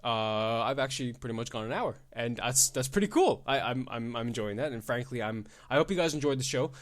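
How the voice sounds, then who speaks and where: Excitable, profane young man ranting. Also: medium pitch, a little fast. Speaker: podcast host. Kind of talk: casual solo podcast rant.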